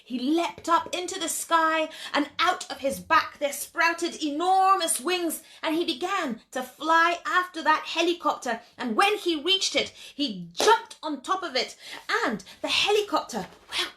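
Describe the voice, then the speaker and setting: Female storyteller for kids, high and bright, animated, talks straight to the audience. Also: a little slow. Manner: animated, expressive, addresses listeners directly. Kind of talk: storytelling for children.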